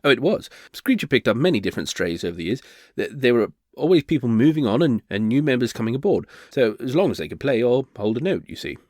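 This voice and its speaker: A man's voice: mid-range voice, big pitch swings, quick pace, darkish tone, dry recording, clean studio sound. A man voicing a flustered male bard turned reluctant duke, who stammers and hesitates nervously.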